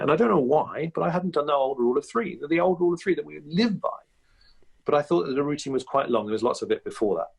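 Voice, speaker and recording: A man's voice: fairly high pitch, expressive, fast talker, vocal fry, slightly rough. A male comedian and impressionist, the guest on a podcast interview, reflective and chatty with many restarts and asides.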